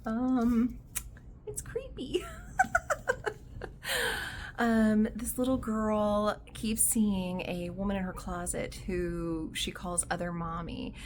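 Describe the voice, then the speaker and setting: Giggly, excitable woman book vlogger. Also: lowish voice, takes it slowly, pauses often, a little hiss or hum. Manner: excitable, giggly, many fillers. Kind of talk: casual vlog book review.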